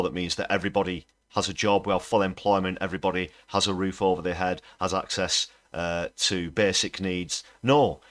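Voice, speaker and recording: A man's voice: sits low, fairly bright tone. A man hosting a political livestream, ranting indignantly against politicians. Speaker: livestream host. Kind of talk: political commentary.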